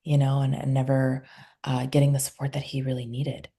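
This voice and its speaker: A woman speaks as a podcast guest, a somatic healer recalling a couples session. Her voice sits low and warm with a gravelly, slightly husky edge. She retells the story conversationally and voices the people in it as she goes. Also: level tone, a little fast. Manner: recounts client sessions, acting out quoted dialogue.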